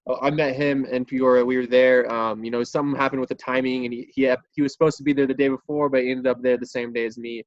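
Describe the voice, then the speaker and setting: A man's voice: medium pitch, flat delivery, fast talker, few pauses, no room sound. A man hosts a group video call, mixing casual slang with upbeat motivational encouragement. His voice comes through dull and muffled, with a dry, close sound. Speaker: call host. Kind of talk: motivational talk.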